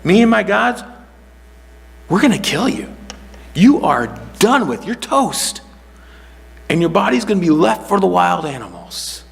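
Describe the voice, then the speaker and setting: A boastful giant warrior sneers and taunts in a high, scornful voice, as a male preacher puts him on. The voice is gravelly and rings in a hall with a long echo. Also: sing-song, unhurried, long pauses, exaggerated voice. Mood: threatening.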